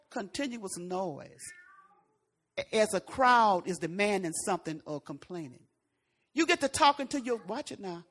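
Woman preaching, folksy and chatty, gets loud on a word then drops way down quiet. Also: a little high. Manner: folksy and conversational, swings from loud emphasis to hushed asides. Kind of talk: sermon.

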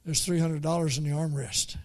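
A man preaching a folksy story, halting and repeating words as he goes. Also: fairly high pitch, steady tone. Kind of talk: storytelling sermon.

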